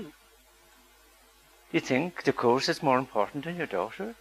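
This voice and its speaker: A man's voice: mid-range voice, animated, normal speed, long pauses, fairly bright tone, low-quality recording. A man giving a public talk as a psychologist, earnest and asking the audience rhetorical questions.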